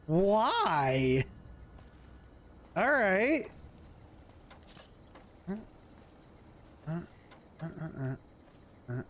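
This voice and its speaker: A man's voice: high voice, huge pitch swings, drawn-out words, long pauses. A man streaming a game, chatting casually and reacting aloud as he plays. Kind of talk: casual gameplay commentary.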